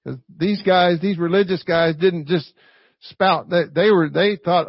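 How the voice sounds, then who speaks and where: A man preaching in a high, gravelly voice with an easygoing, folksy delivery. He keeps tossing rhetorical questions to his listeners. The recording is dull and lo-fi, with a dry, close sound. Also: fairly even intonation, a little slow, dry recording. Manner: folksy, peppers points with rhetorical "right?". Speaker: pastor. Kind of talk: conversational sermon.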